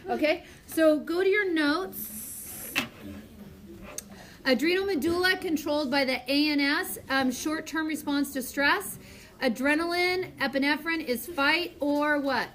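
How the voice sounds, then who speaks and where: A woman teaching a high school biology class, chatty and lively, acting out examples for her students. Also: measured pace. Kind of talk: classroom lecture. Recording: echoey classroom from far off, noisy.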